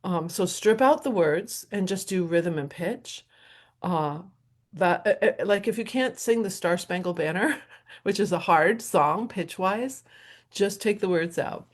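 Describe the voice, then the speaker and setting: A woman's voice: on the low side, unhurried. A middle-aged woman hosting her show, talking in a casual, rambling solo monologue with frequent laughs. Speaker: host and professional violinist.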